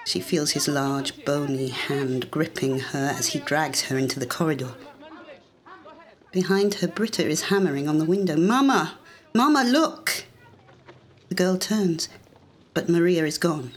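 An audiobook narrator giving a measured, deliberate reading of a scripted story. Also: mid-range voice.

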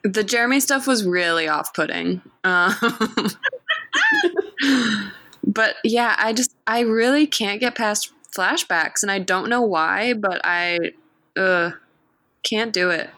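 A woman's voice: mid-range voice, slow, pushed and bright, no room sound, clean studio sound. A woman co-host on a podcast, candidly explaining what she dislikes about a show. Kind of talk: casual TV recap chat.

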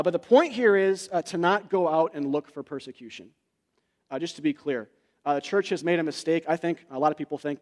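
A man preaching a sermon, explaining scripture in an earnest, conversational way with frequent asides and fillers. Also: a little high. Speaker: pastor.

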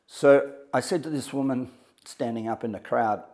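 Male motivational speaker, mid pitch, dramatic pauses, acts out dialogue. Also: a little mellow. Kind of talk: storytelling talk to an audience.

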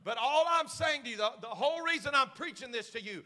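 A man pastor preaching a sermon, swinging from hushed asides to shouted, fiery passages. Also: very high voice, expressive, a little fast, few pauses, in a large hall.

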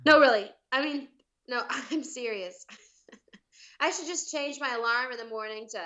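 Bright-voiced American woman chatting on a podcast. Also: fairly high pitch, normal speed. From United States. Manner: giggly, chatty, self-deprecating. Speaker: podcast co-host. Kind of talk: casual chat over a video call. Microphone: remote call microphone.

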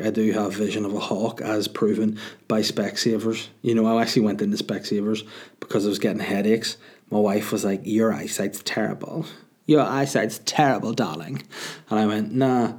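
A man's voice: on the low side, darkish tone. A young man, hosting a podcast and telling a comic story in a sardonic, self-mocking way, swearing freely. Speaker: podcast host.

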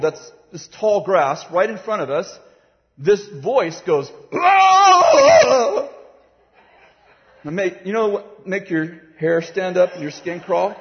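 A man with a slightly raised voice tells a story from a sermon platform, acting out the voices and laughing as he goes. His voice rings with the long reverb of a big hall, and the recording sounds somewhat muffled. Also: high voice. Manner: animated, acts out voices, laughs while telling. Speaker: preacher.

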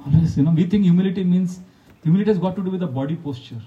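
A man's voice: high voice, rapid-fire, far from the mic, dull audio. A man, a monk giving a devotional talk full of anecdotes, often laughing and acting out quotes. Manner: storytelling, animated, laughs often, acts out quotes.

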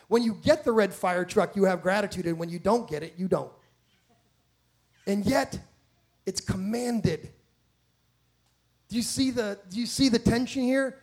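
A man preaching a sermon from a stage, emphatic and animated, with frequent restarts and rhetorical questions. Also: high-pitched, moderate pace, husky.

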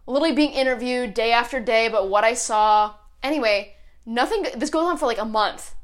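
A young woman co-hosting a podcast, telling a story in a rambling, animated way and saying "like" constantly. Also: fairly high pitch, brisk. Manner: rambling, heavy use of "like", animated retelling. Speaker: podcast co-host. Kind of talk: casual storytelling chat.

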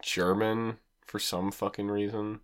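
A man's voice: fairly low pitch, little pitch movement, measured pace. A man co-hosting a casual food podcast, bantering with jokes and swearing. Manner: joking, profane banter. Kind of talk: casual chat.

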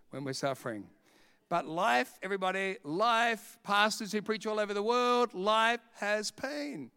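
A man with a high, bright and crisp voice preaches to his church. He mixes in jokes and funny stories and laughs often. The tone stays clear and lively the whole way through. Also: measured pace, in a large hall. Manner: humorous storytelling, laughing often. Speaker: pastor. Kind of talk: sermon.

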